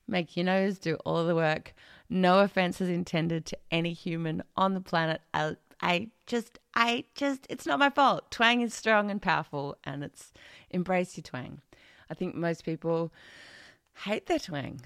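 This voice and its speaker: A woman teaching singing from a home studio, chatty and playful as she demonstrates techniques. Her voice is bright and forward, recorded dry and close. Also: fairly low pitch, measured pace, vocal fry, clean tone, dry recording. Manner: chatty and playful, sings scale degrees and demos silly twangy voices. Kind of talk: online vocal lesson. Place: home studio with birds and geckos outside.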